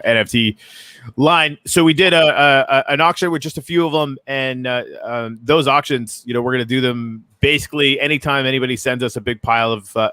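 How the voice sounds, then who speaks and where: A man hosting a casual podcast chat, talking in a halting way full of fillers. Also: medium pitch, bright, forceful tone, no room sound. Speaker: show host.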